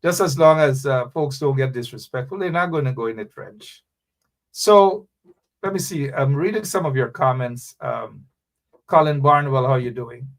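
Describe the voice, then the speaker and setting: Speaking at normal speed in a mid-range voice, a man hosts live political talk radio. He reads viewer comments, calls people out by name, and urges listeners in an animated, preachy tone, hammering home repeated phrases.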